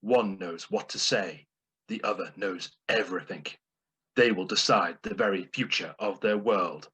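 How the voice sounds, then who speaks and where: A man's voice: deep voice, measured pace, bright, forceful tone, breathy edge, exaggerated voice. A man imitating a dramatic movie trailer announcer, grave and weighty. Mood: ominous.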